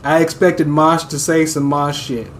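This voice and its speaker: A man reads through a manga and reacts to it casually, breaking up the reading with blunt, profane comments and plenty of laughs. His voice is somewhat high for a man, and faint background noise runs under it. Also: little pitch movement, measured pace.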